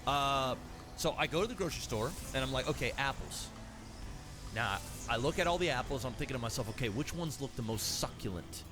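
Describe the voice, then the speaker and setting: A man's voice: medium pitch, brisk, over music. A man casting a strategy video game in casual commentary, telling stories with a lot of swearing. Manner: animated storyteller, swears freely. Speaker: game caster.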